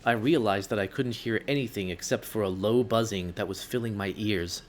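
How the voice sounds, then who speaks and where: A man reading a story game aloud in the first person, expressive with sudden outbursts. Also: fairly low pitch, normal speed, slight background noise.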